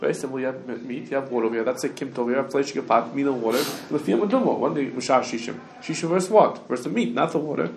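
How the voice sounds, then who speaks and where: Fast-talking man teaching a Talmud class. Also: medium pitch, creaky, soft background music. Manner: quick, restarts often, mixes Hebrew and Yiddish terms. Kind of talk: casual Talmud study lesson. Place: classroom with students. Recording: echoey room with faint background noise.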